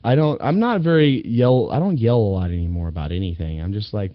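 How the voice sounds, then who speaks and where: A man's voice: on the low side, a little fast, few pauses, dry recording, dull audio. Rambling, laughing male podcast host. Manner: rambling, laughs often, profane. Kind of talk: casual political chat.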